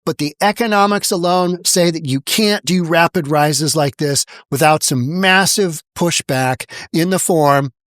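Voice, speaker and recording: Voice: mid-range voice, unhurried, few pauses, a bit bright, no echo, clean studio sound. A political commentary host delivering blunt, mocking opinion commentary with repeated emphasis. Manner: sarcastic, mocking. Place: home in Washington State.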